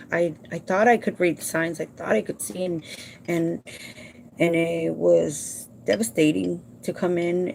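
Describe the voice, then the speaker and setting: A woman who works as a home care provider, talking casually and warmly to her viewers from home, emotional and halting at times. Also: lowish voice, creaky, a little hiss or hum. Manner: emotional and heartfelt, addresses viewers as "you guys"; halting with repeated restarts when upset.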